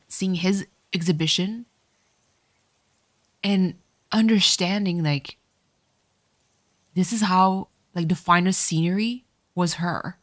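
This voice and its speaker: A woman's voice: lowish voice, dry recording, studio quality. A woman streamer giving casual let's-play commentary, reading the game's text aloud and then getting tearful and swearing.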